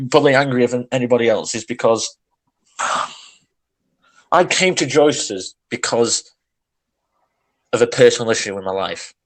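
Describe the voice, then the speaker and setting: Man, podcast co-host, casual chat, agitated, sighing, mid-pitched voice. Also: poor audio. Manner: agitated, ranting, many restarts and sighs.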